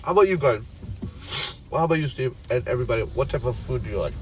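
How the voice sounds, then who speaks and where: A man's voice: mid-range voice, expressive, quick pace. A man from the Philippines hosting a chatty livestream while driving, laughing often and reading viewer comments aloud. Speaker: livestream host. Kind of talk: casual chat while driving. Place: inside a car in traffic. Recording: road and engine noise. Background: car and street noise.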